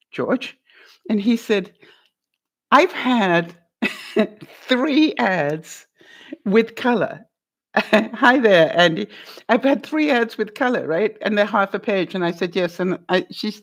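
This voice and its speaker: An older woman vlogger tells a story from her working life in a relaxed, chatty way, acting out the call and quoting both sides. Her voice sits at an ordinary middle pitch. She speaks as if talking straight to her viewers. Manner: animated anecdote-telling, quotes both sides of a phone call, laughs often. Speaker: vlogger giving life advice.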